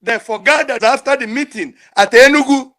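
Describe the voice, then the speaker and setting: Older man, very high voice, pleading, emotional call-in. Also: moderate pace, fairly bright tone. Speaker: caller. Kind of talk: impassioned call-in speech.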